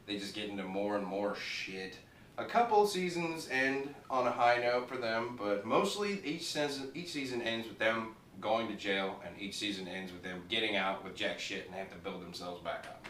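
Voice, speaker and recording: Speaking at normal speed, the man has a fairly low, expressive voice with a slightly bright edge. He's a TV show reviewer giving a loose, rambling take, full of swearing and laughter at his own gags. Faint noise and echo come from a roomy space and a far-off mic.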